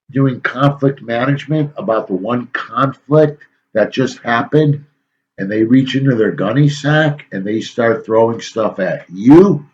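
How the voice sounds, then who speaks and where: A male teacher giving a casual, folksy lecture to his students, rambling a little with frequent pauses and filler sounds. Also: mid-range voice, highs cut off.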